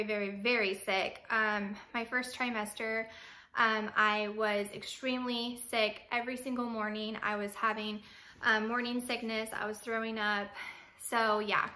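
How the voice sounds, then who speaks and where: A young woman talking straight to camera in a casual vlog, chatty and excitable, with lots of ums and you knows. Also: on the high side. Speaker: fitness vlogger.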